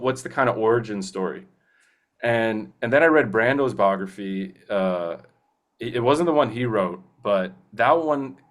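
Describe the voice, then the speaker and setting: A male voice actor, a guest in a casual interview, chatting eagerly and rambling with many fillers and restarts. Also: mid-range voice. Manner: slips into quick movie-character impressions.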